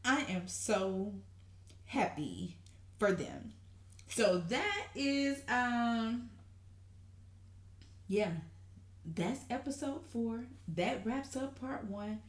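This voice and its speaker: A woman giving an excited, gushing TV recap to her viewers, calling them honey and y'all in an animated way. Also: on the high side, drawn-out words, long pauses. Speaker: TV recap vlogger. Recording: roomy echo.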